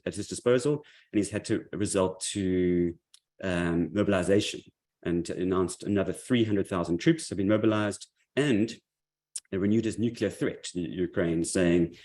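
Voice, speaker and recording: A man's voice: sits low, darkish tone. A man giving a monthly market update, speaking loosely with many fillers and restarts. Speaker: market commentary presenter.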